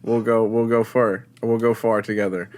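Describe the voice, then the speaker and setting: A man's voice: on the low side, flat delivery, moderate pace, a little mellow. Laid-back man recapping on a podcast. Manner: laid-back, summarizes plot with jokes. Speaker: podcast co-host. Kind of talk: casual chat with episode recaps.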